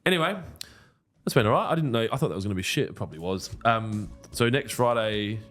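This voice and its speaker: A man's voice: on the low side, expressive, quick pace, a bit bright, faint music behind. A man co-hosting a casual podcast, joking and swearing freely. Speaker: podcast co-host. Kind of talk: casual banter.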